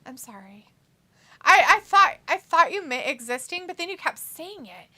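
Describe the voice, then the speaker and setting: A woman's voice: sits high, sing-song, normal speed, bright, forceful tone. A woman co-hosting a live wrestling watch-along stream, reading viewer comments aloud and teasing with frequent laughter. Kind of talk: casual live-stream chat.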